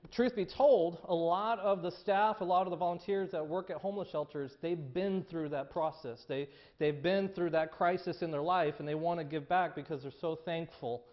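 A man's voice: a little high, highs cut off. A male pastor preaching a sermon in a conversational storytelling way, often repeating words as he goes.

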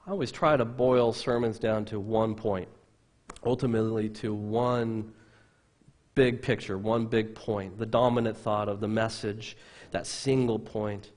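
A man pastor preaching a sermon from the pulpit of a church, emphatic, with loud stresses that drop into quiet asides. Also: on the low side, steady tone, moderate pace.

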